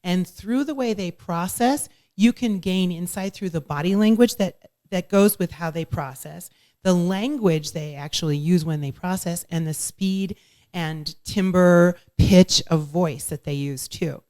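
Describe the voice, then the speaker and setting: A woman's voice: on the low side, measured pace, mellow. A woman speaker and coach, a guest on a talk show, explaining ideas in a coaching tone. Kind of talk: interview conversation.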